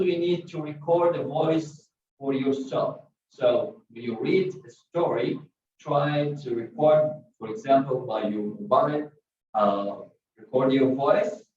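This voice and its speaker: A man's voice: medium pitch, darkish tone. Man teaching in an echoey room. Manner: plain, repetitive explanations with frequent fillers. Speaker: English teacher. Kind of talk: spoken English lesson. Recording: distant, echoey, dull-sounding room recording.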